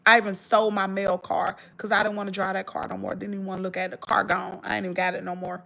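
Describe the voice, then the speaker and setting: A woman's voice: medium pitch, little pitch movement, fast, gravelly, a bit bright. A woman with a Southern US accent, telling an emotional story straight to her viewers in an emphatic, rambling way, full of restarts. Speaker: vlogger.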